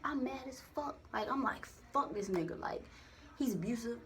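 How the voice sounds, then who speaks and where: A young woman telling a personal story to the camera in a candid, profane, animated way, acting out the voices in her quotes. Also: a little high, moderate pace. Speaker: vlogger. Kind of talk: casual storytime monologue.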